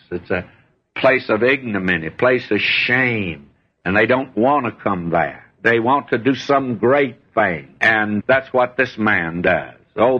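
A man's voice: fairly low pitch, slightly rough. An older man preaching a sermon in a folksy, conversational way, reading scripture and telling stories with an occasional chuckle. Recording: dull lo-fi old sermon recording.

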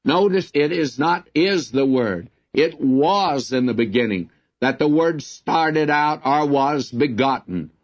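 Slow, emphatic male Bible teacher. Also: on the high side, animated. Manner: earnest, emphatic, slow and deliberate. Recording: dull lo-fi recording.

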